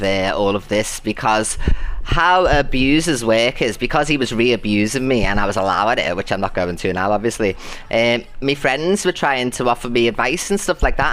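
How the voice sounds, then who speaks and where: A woman chatting casually on a live stream, greeting and thanking her viewers by name and turning defiant about an abuser. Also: a bass voice. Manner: chatty, greets viewers and calls them loves and babes.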